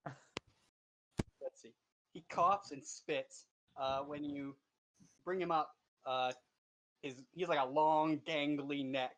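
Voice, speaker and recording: A man's voice: medium pitch, fairly bright tone. A man narrating as game master of an online tabletop game, describing scenes in a loose way with many fillers.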